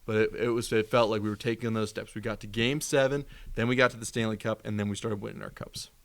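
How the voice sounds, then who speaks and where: A man co-hosting a casual sports podcast, talking fast, repeating himself and jumping up in pitch when he gets worked up. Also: fairly even intonation. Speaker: podcast co-host.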